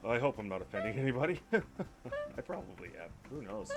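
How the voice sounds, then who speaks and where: A man's voice: mid-range voice, brisk. A man with a mild Canadian accent, casually rambling to himself while commenting on his gameplay. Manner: relaxed rambling chatter, hums and talks to himself. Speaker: gaming YouTuber.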